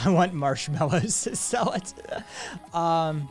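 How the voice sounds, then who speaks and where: A man's voice: on the high side, slow pace, soft background music. A man hosting a live stream, chatting casually, swearing freely and reading viewer messages aloud. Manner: profane, animated, reads chat messages aloud. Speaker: streamer host.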